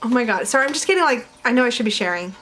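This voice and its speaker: Giggly woman rambling to her camera at home, kinda high voice, faint hiss behind. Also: expressive, racing, a bit bright. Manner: chatty, giggly, rambling with fillers. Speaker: tarot vlogger reviewing decks. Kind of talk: casual chat to camera. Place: home room with her dog nearby.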